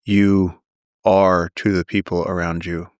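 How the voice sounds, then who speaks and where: A man with a low voice talks as a podcast guest. He tells stories in an animated, tumbling way, circling back and restarting his phrases. The sound is dry and close, as if from a studio mic. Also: slow pace, no echo. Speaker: guest, naturalist. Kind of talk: casual storytelling conversation.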